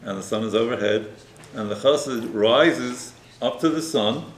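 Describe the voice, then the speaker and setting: A man's voice: mid-range voice, moderate pace. A man, a rabbi, preaching and telling a story in a conversational way, often ending points with a tag question. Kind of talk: sermon with storytelling. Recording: roomy echo, faint noise.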